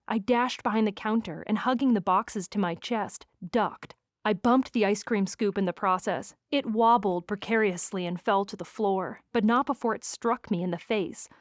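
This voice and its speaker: A woman narrating a first-person romance audiobook in an expressive, wry manner. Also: mid-range voice, no room sound, clean studio sound.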